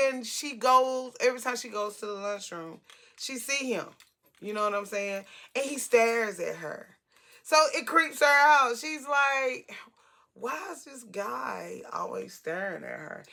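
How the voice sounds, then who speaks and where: A woman in her forties telling a casual storytime vlog, animated, talkative and blunt, with salty language. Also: on the high side, slow pace.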